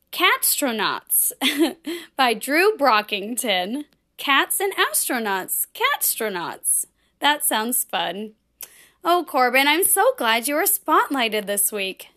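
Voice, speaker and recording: A woman teaching a children's class, speaking slowly and with exaggerated, bubbly emphasis for young kids. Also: a little high, sharp tone. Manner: bubbly, frequent laughs. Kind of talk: children's lesson, sing-along.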